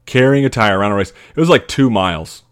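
A man's voice: fairly low pitch, expressive, quick pace. A young adult man hosting a podcast, telling a story in a rambling, casual way with lots of fillers, restarts and laughs. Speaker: podcast host.

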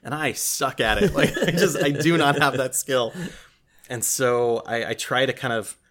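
A man's voice: medium pitch, normal speed, a bit bright. Self-deprecating man chatting as a guest. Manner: self-deprecating, frequent restarts and laughs. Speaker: podcast guest, game designer. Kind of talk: casual interview chat.

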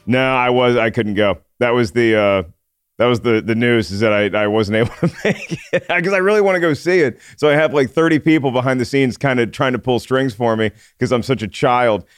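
A man's voice: medium pitch, fairly quick, clean tone, no room sound, soft background music. A man hosting a casual movie podcast, chatty and joking as he reads listener mail. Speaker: podcast host.

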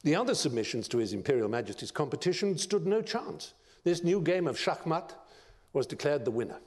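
A man giving a lecture, telling stories in an expressive, theatrical narrating style. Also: fairly high pitch, brisk. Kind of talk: dramatic storytelling lecture. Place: large lecture hall. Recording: long reverb of a large lecture hall.

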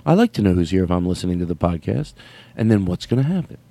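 A man hosting a podcast from a studio, rambling and joking in casual banter, often jumping high in pitch when he laughs. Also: big pitch swings, fast talker, vocal fry, mellow. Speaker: podcast host.

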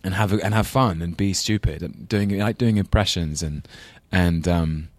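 This London-accented Englishman sits low in pitch and talks at a moderate pace, with no echo. A guest actor in casual conversation, he wanders through his thoughts while poking fun at himself.

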